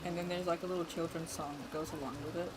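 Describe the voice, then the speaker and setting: A woman's voice: lowish voice, steady tone, fast talker. A young woman game streamer chatting casually with her live chat and laughing often between lines. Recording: noisy room ambience.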